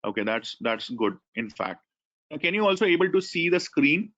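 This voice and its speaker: A man's voice: a little high, sing-song, moderate pace, a bit bright. A man with an Indian English accent who coordinates an online class, explaining the controls and thanking attendees by name. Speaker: webinar coordinator. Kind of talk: online class host instructions. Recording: dull lo-fi webinar audio.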